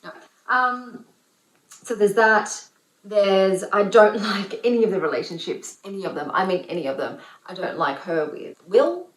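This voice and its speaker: A woman reviewing books in a casual vlog, talking in an opinionated, animated way with lots of fillers. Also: mid-range voice, a little slow. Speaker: book reviewer. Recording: roomy echo.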